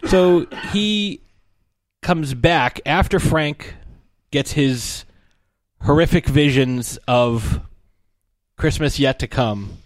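A man co-hosting a casual movie discussion, retelling scenes in animated detail with frequent laughs and fillers. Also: fairly high pitch, drawn-out words, dry recording.

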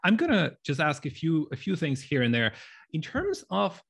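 A man's voice: on the high side, wildly swooping pitch, normal speed, gravelly, slightly rough. A man hosting an interview, asking questions with repeated false starts. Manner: repeats words when starting sentences. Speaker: host.

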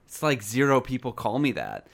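A man's voice: mid-range voice, wildly swooping pitch, normal speed, vocal fry, a bit bright. A young man co-hosting a comedy podcast, rambling and giggly with frequent restarts. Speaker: podcast co-host. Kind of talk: casual comedic chat.

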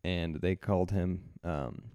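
In a clean, dry studio recording, this male podcast co-host has a deep, dark, resonant voice that stays steady and clear at a measured pace. He tells a story in relaxed conversation, wandering off track, starting over and laughing frequently.

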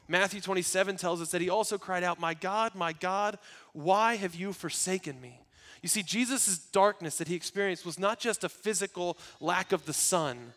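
A man with a somewhat higher voice preaches a sermon. He is earnest throughout and swings from loud, emphatic lines to hushed, quiet ones. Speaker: pastor.

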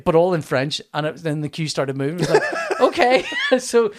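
A man in his thirties, an animated storyteller who acts out his own reactions, laughs often and swears in casual chat. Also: a little high, a little fast.

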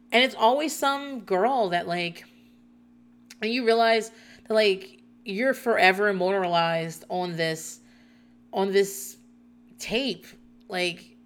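A woman's voice: mid-range voice, fairly bright tone. A woman hosting a casual recap show, rambling and swearing freely and laughing often as she talks. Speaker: TV recap podcast host.

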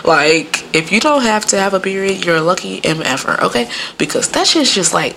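A woman's voice: medium pitch, animated, fairly quick, vocal fry, few pauses, sharp tone, slight background noise. A young woman telling stories in a casual monologue, rambling and profane, laughing often and filling her talk with "like".

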